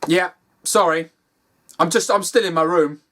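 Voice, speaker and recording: A man's voice: high voice, measured pace, a bit bright, a little hiss or hum. A man ranting in a sweary, exasperated way as he reviews a game over gameplay, from his games room at home. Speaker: gaming video host.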